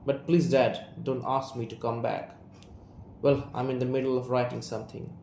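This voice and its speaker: A young man with an Indian English accent voicing a guarded, estranged son and writer, reading a play aloud in a measured, restrained way. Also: mid-range voice, level tone, a little mellow, lightly acted. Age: young adult. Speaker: student reader. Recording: roomy room, faint hiss.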